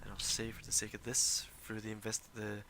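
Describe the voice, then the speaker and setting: A man's voice: fairly low pitch, completely flat delivery, fairly quick, sharp tone, slight background noise. A man narrating as dungeon master in casual, swearing talk full of fillers. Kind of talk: narrating a tabletop game. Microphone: streaming desk mic.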